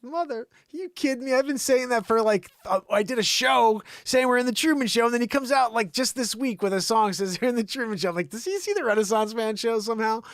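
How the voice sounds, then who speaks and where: A man's voice: sits high, no echo, clean studio sound. A middle-aged man hosting a livestream, chatting casually in a rambling way and slipping into impressions. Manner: rambling, animated, breaks into impressions. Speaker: livestream host.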